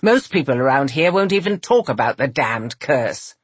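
A woman's voice: extremely low pitch, sing-song, normal speed, breathy edge, dry recording, full character voice. Woman voicing a teasing jovial general. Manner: teasing, easygoing. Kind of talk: audiobook character voice.

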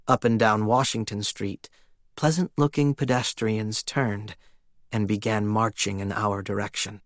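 A man's voice: lowish voice, fairly even intonation, measured pace, dry recording, clean studio sound. A man narrating an audiobook in the first person with a wry, theatrical delivery.

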